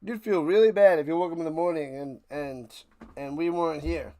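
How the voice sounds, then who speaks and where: A man hosting a live football reaction stream, ranting sarcastically and calling plays, swinging between muttering and loud outbursts. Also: fairly high pitch, a little fast, no echo. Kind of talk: live sports reaction and play-by-play.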